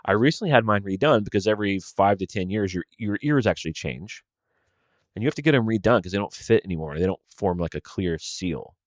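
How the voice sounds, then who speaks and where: Animated, chatty podcast host, deep voice. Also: male voice, brisk, dry recording, studio quality. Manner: animated, chatty, slangy, jokes around. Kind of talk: casual solo podcast chat.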